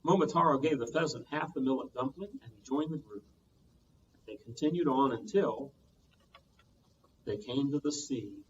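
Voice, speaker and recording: A man, a children's librarian, reading a storytime tale aloud with lively sound effects, heard from a distance on muffled audio. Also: mid-range voice, moderate pace, pauses often, a little hiss or hum.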